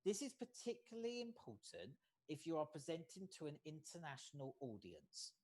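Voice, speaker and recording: A facilitator gives an online training lecture over a video call. The pace is measured, and nearly every point ends with a checking "okay?". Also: medium pitch, wildly swooping pitch, a little mellow. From United States. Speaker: workshop facilitator.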